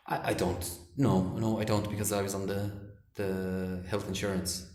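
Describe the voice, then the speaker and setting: A man's voice: low voice, moderate pace. A man with an Irish accent, a podcast guest in casual chat, telling stories with many stammered restarts and acting out what people said. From Ireland. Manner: animated storyteller, stammering restarts, acts out voices. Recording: echoey room.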